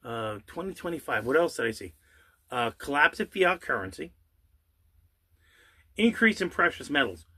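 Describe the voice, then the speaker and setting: Very animated, his higher voice sharp with a breathy edge, the man rants angrily and sarcastically on his channel, posing rhetorical questions and cursing now and then. He drags out some words slowly for emphasis.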